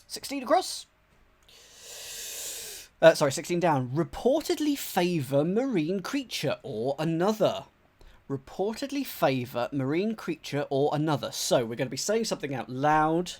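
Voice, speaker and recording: A man from England talks his way through a crossword for a live audience, repeating clues under his breath and reacting with sudden bursts. His voice sits a little high and swings widely in pitch. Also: normal speed. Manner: chatty and animated, thinks aloud, mutters clues, greets chat. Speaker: streamer solving a crossword. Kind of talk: live-stream chat, thinking aloud.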